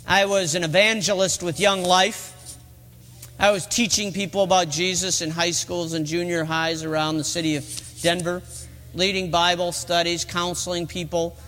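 A man's voice: high voice, level tone, moderate pace, a bit bright. A middle-aged man preaching a sermon in a church, telling the story earnestly and rising to emphatic peaks. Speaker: pastor. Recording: long reverb of a large hall.

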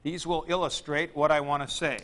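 A man teaching a Greek grammar lecture at a board, deliberate and methodical, with dry joking asides. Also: fairly high pitch, flat delivery, fairly bright tone. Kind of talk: classroom lecture.

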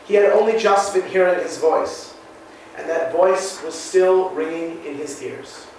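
A man narrating a classic novel in a measured, solemn way. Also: high voice, darkish tone. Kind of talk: audiobook reading of a classic novel. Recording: very echoey room, mic far off, faint hiss.

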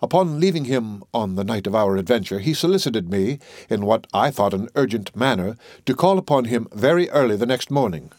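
A man narrating a classic story in a measured audiobook reading. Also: medium pitch, animated, a little mellow, no echo.

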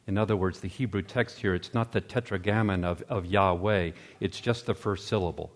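A man lecturing, reading scripture aloud with expressive delivery and brief spoken asides. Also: on the low side, normal speed, few pauses, in a large hall.

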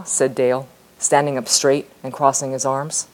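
A woman author reading her novel aloud in a steady, measured storytelling voice. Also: extremely low pitch.

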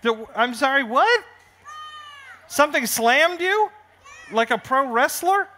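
A man's voice: very high voice, animated, slow pace, bright, forceful tone, a little hiss or hum. A man reading his picture book aloud on a festival stage, joking with the family audience like a showman. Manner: playful, showman-like banter with the crowd. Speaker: children's author.

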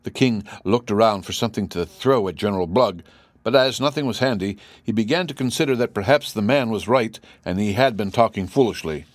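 A man narrating a classic children's fantasy book in a steady, even reading voice. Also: on the low side, no echo. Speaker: audiobook narrator. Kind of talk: scripted storybook narration.

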